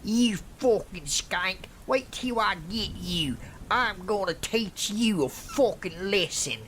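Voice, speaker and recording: A man voicing a drunk, violent male stranger who shouts slurs and threats at a frightened young woman. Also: fairly high pitch, animated, slow, slight background noise, voice pushed up. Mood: menacing abuse.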